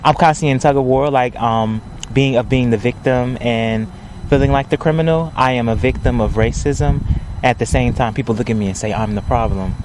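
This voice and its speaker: A soft-spoken man with a light voice. He stretches his syllables and lets his lines hang, whether reading a poem or chatting, and there is faint street noise behind him. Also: mid-range voice, brisk. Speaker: poet, podcast guest. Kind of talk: poetry reading and casual chat.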